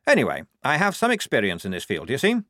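A man's voice: medium pitch, huge pitch swings, fast, a bit bright, dry recording, clean studio sound. A man voicing an eager, naive, upper-class young male lieutenant, in a raised, chirpy voice. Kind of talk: audiobook character voice.

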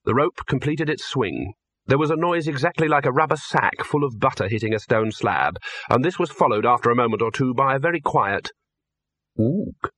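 A man reading an audiobook in a measured, dry storytelling manner. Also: medium pitch, expressive, fairly bright tone. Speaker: narrator. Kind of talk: audiobook narration.

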